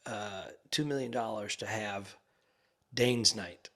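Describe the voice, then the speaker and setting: Man, comedy podcast co-host, husky low voice, rambling easygoing chat, quiet ensuite room. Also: takes it slowly. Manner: rambling, easygoing, hesitant with fillers. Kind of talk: casual chat.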